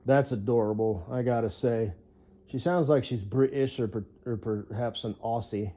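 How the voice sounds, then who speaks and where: Speaking at a moderate pace in a mellow, mid-pitched voice, a man rambles through a one-sided monologue. He curses freely and hesitates constantly, scattering fillers throughout.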